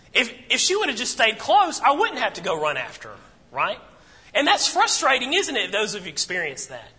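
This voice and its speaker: A man's voice: high-pitched, sharp tone. A man preaching a sermon to a congregation in a conversational way, asking rhetorical questions and repeating phrases for emphasis. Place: church assembly room. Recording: long church-hall reverb.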